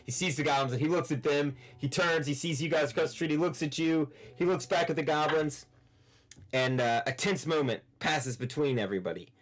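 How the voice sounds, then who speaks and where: A man's voice: on the high side, fairly quick. A man running a tabletop game over an online call, narrating loosely with many fillers. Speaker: game master.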